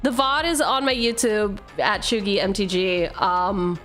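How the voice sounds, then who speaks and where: A woman's voice: medium pitch, measured pace, fairly bright tone, faint music behind. A woman streamer chatting casually and swearing freely while opening card packs, laughing often.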